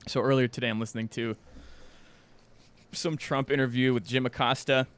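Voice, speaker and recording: A man co-hosting a podcast in casual chat, animated and laughing often, slipping into impressions of people in his stories. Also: mid-range voice, normal speed, clear, resonant tone. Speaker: podcast co-host.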